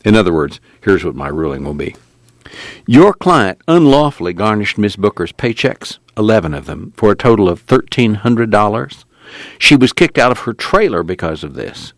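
A man reading the part of a blunt, impatient trial judge who speaks sternly and forcefully. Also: lowish voice, dry recording, clean studio sound, pitched above the performer's own voice. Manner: stern and forceful, pressing hard.

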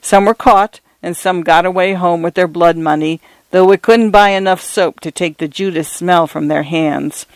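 Male story narrator, earnest and measured, smooth resonant tone, close dry sound. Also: high voice, fairly even intonation, no echo, low-quality recording.

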